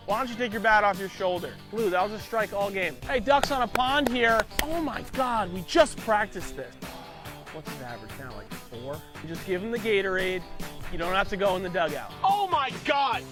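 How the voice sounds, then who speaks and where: A man playing a loud, bossy baseball dad who heckles from the stands in a comedy sketch, over background music. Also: high-pitched, big pitch swings. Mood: heckling. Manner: yelling, bossy, rapid-fire sideline heckling. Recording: background music under the clip.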